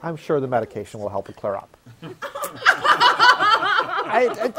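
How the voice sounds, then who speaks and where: Man, show host, casual rambling talk, self-deprecating, lively pitch, laughs at himself. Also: normal speed, heavy background noise. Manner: acts out quoted voices.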